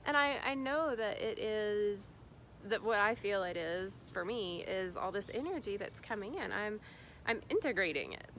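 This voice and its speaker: A spiritual guide from Indiana, USA chats casually in a spiritual vlog, rambling with lots of fillers and restarts. Her mid-range voice is expressive and fairly bright, at a normal speed, with slight background noise.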